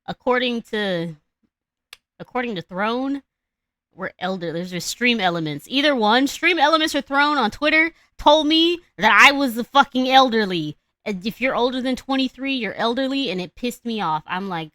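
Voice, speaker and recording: A woman's voice: fairly high pitch, expressive, moderate pace, fairly bright tone, no room sound. A young adult woman telling a fairy tale on a live stream, rambling, slangy and profane. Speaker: streamer and storyteller. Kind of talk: casual live-stream storytelling.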